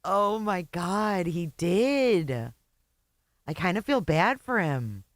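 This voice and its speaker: A woman's voice: on the low side, animated, slow, dry recording. A woman hosting a livestream, reacting to clips with sarcasm and frequent laughter. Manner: amused, sarcastic, laughs often. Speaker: host.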